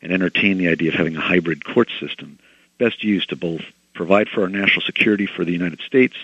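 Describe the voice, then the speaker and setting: A male author, a guest on a radio show, explaining a legal proposal in a measured, methodical way. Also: low voice, a bit bright, slightly rough, no room sound. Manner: measured, explanatory, policy-wonk phrasing. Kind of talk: radio interview. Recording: dull lo-fi radio sound.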